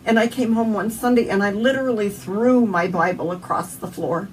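A woman's voice: medium pitch, normal speed, distant mic, a little hiss or hum, low-quality recording. A woman with a Southern US accent sharing an earnest, emotional personal faith testimony as an interview guest.

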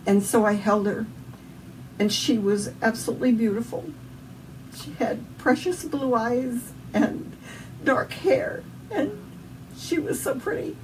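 A woman's voice: a little high, a little slow, a little mellow. A woman with a Southern US accent, a guest in an interview, telling an emotional personal story in an earnest, heartfelt way. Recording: distant mic with faint background noise.

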